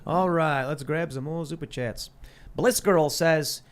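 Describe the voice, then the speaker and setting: Male co-host, Chicago accent, lively casual storyteller, a bit high-pitched. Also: unhurried. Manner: animated storyteller, jumps into playful voices. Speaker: podcast co-host. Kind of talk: casual panel chat.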